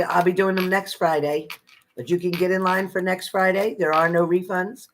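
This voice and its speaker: A man's voice: sits high, steady tone, moderate pace, fairly bright tone, a little hiss or hum. Chatty man giving psychic readings. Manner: chatty, repeats phrases, addresses viewers by name. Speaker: psychic reader. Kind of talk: live spirit-message readings to viewers. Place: at home.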